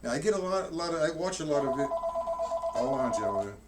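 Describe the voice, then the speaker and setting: A man with a higher, sing-song voice leads a live-streamed drum lesson at a fairly quick clip, counting strokes aloud and explaining technique in a rambling style with many restarts. The distant mic in the drum room picks up loud hits and heavy background noise.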